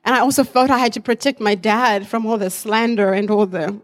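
A woman's voice: medium pitch, fairly even intonation, fairly quick. A woman in her forties, raised in Africa, giving an earnest personal testimony to a church congregation, reflective with light laughs.

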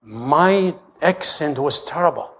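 A middle-aged man pastor with an Italian accent, preaching a sermon in broken English and rising to shouts. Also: animated, slow. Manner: shouts and rises to high pitch when preaching; broken English, storytelling with humor.

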